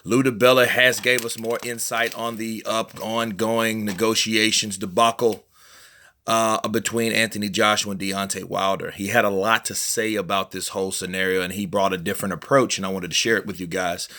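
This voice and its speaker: A man hosts a boxing news vlog, talking in a low, forceful voice. He rambles conversationally, leaning on fillers as he breaks down the latest news for his viewers. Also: flat delivery, moderate pace. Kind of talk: casual commentary vlog.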